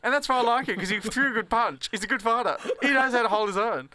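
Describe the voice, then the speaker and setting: Bright-voiced comedian, rambling. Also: male voice, very high-pitched, fast talker, no room sound. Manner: rambling, restarts, laughs often. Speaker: comedian guest. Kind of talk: casual podcast chat.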